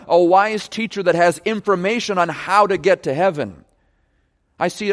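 In a large hall with long reverb, a preacher works through a passage in his sermon. He is emphatic, stressing key words by moving his pitch widely.

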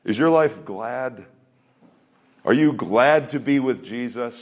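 A man's voice: mid-range voice, slow. A man preaching a sermon in an earnest voice, asking rhetorical questions and shifting his pace. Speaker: pastor.

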